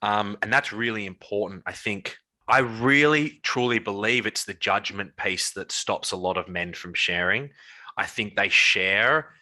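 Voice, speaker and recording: Young guy coach chatting on a podcast, low pitch, restarts a lot, earnest. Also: a little slow, low-quality recording. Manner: earnest, animated storytelling with many restarts. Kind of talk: casual chat.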